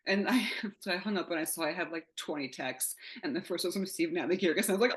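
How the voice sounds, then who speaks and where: In this low-quality recording, a woman in her thirties guests as a playwright, chatting in a rambling, candid interview full of laughter and swearing. English isn't her first language. She speaks quickly in a lowish voice.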